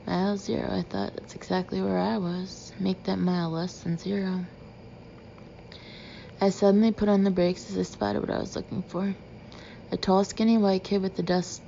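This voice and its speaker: A woman narrating a first-person audiobook in a steady, measured way. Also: mid-range voice, vocal fry. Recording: slightly dull with faint hiss.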